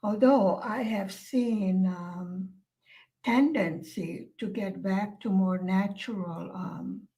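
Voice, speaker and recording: A woman vlogger chatting casually to her viewers, soft-spoken and musing, pausing often with fillers. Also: mid-range voice, rough recording. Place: lives in Hungary.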